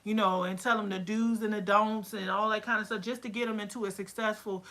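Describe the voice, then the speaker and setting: A woman running a casual livestream about her candle business, chatty and excitable, full of fillers and quoted asides. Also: medium pitch, brisk. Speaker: candle-making business owner.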